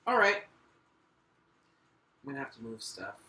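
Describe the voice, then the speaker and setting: A man's voice: medium pitch, very animated, moderate pace, pushed and bright. A man giving a spoken tarot reading, talking earnestly and directly to the listener while shuffling and laying out cards. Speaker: tarot reader. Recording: echoey room.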